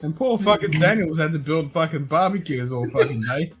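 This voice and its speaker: A man's voice: a little high, expressive, fairly quick, husky, faint music behind. Sweary laid-back Australian man. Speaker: whisky tasting host. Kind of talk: casual chat.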